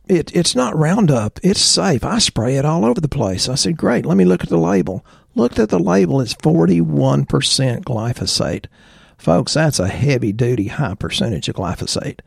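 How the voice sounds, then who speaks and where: A man co-hosting a casual health chat, opinionated and animated as he tells stories. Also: mid-range voice, gravelly, breathy edge, no echo, studio quality. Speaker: podcast co-host, chiropractor.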